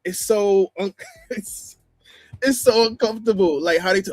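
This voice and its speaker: A man's voice: high-pitched, expressive, normal speed, no echo, faint music behind. A man from New York telling a casual story in slangy banter with friends.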